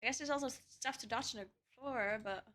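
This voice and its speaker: A woman's voice: a little high, a little fast, fairly bright tone. A woman streamer chatting casually and thinking aloud while setting up her game, laughing often. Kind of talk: casual live-stream chat while gaming.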